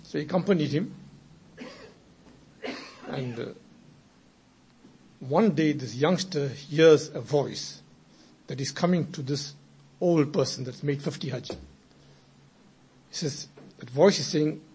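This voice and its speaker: A man giving a sermon, telling moral stories and building from quiet narration into emphatic exhortation. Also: on the high side, slow pace, long pauses, a little hiss or hum. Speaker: preacher. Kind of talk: storytelling sermon.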